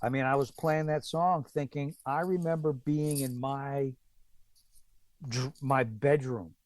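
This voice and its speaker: A man telling stories as a guest drummer in a casual chat, acting out quotes in a higher voice. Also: unhurried. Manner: animated, acts out quotes with raised pitch. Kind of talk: casual storytelling.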